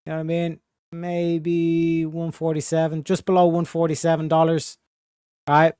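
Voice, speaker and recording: A man's voice: on the high side, monotone, normal speed, a little mellow, clean tone, dry recording, studio quality. A young man streaming live, rambling casually in slang and reading out viewer donations. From Ireland.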